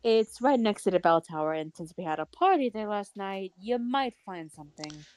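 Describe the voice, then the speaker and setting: Woman voicing a relaxed grown-up game girl: low, calm, easygoing, unhurried. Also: lightly acted. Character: mature, chill, fun-loving young woman. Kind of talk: fan voice acting over a game.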